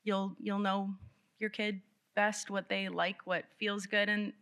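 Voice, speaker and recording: A woman special education teacher giving a live presentation to parents in a library meeting room, talking in an animated, conversational way with light laughs. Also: medium pitch, slow, clean tone.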